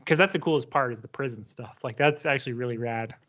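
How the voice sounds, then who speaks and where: A man's voice: mid-range voice, fast talker, a bit bright, muffled recording. A man co-hosting a casual comic book podcast, easygoing and wry, talking in loose asides. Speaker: podcast co-host.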